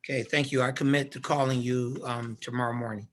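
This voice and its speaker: Male pastor, measured, solemn prayer delivery. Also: medium pitch, steady tone, fairly bright tone. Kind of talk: prayer of benediction.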